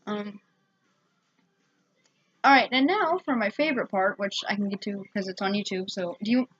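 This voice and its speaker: A woman's voice: medium pitch, normal speed, a bit bright, husky, lo-fi sound, soft background music. A woman giving a casual, rambling spoken movie review at home, full of fillers and restarts.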